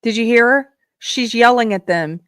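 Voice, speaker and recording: A woman from South Carolina hosting a live political commentary show, talking in a sarcastic, emphatic way and quick to scoff. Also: on the high side, fairly bright tone, smooth, no echo, studio quality, some chatter behind. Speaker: show host.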